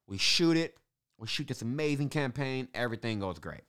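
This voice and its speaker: A man telling the story of launching his business in a casual, animated monologue, swearing and laughing now and then. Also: mid-range voice, brisk, a little hiss or hum. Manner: animated, swears, laughs between beats, restarts often.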